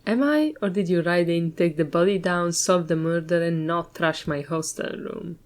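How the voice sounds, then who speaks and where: A woman's voice: on the low side, normal speed, close to an everyday voice. A woman reading the lines of a sarcastic, grumpy male hostel manager from a video game aloud. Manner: sarcastic, scolding.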